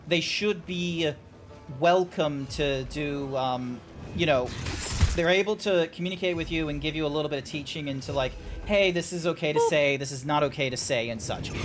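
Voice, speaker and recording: A man streaming a game, chatting casually in a rambling way. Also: fairly high pitch. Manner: rambling, many fillers and restarts. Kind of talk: casual chat while gaming. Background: background music.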